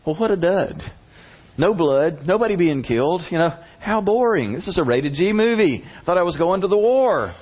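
Guy putting on an eager shepherd kid, high and exclaiming, kinda muffled recording. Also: big pitch swings, a little fast, hardly any pauses, husky, heavily acted. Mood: indignant. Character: excited young shepherd boy, brash and eager.

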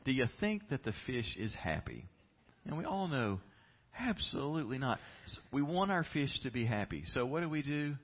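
A man's voice: medium pitch, very animated, moderate pace, slightly rough, highs cut off. A man preaching a sermon as pastor, telling a story and building to passionate emphasis.

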